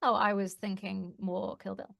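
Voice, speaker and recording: A woman's voice: mid-range voice, level tone, normal speed, gravelly, a bit bright, dry recording, clean studio sound. A woman co-hosting a casual podcast, tossing in short, playful quips. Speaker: podcast co-host. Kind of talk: casual chat.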